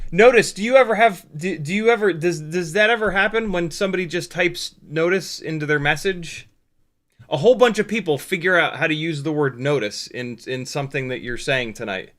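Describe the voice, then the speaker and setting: A man hosting a casual live stream, joking around, animated and swearing freely. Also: on the high side. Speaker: livestream host.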